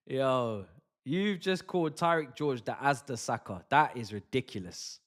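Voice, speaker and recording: Bright-voiced young man ranting over football. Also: mid-range voice, normal speed. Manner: animated, slangy banter with chat. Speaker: watch-along streamer. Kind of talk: live football watch-along commentary.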